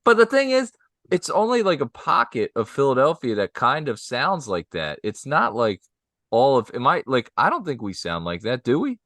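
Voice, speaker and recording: A man's voice: medium pitch, huge pitch swings, normal speed, a bit bright, dry recording, clean studio sound. A man co-hosting a podcast, teasing and upbeat in casual chat. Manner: teasing and upbeat, laughs easily. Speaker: podcast co-host.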